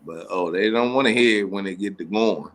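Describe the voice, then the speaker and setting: A man's voice: lowish voice, a little fast. A man chatting playfully and laughing easily. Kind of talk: casual chat.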